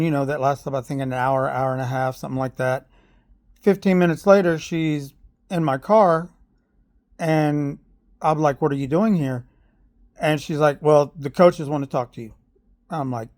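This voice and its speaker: A middle-aged man, a parent, telling his complaint in a personal video with earnest, halting speech full of fillers and a growing sense of grievance. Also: a little high, darkish tone. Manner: aggrieved, heats up when recounting.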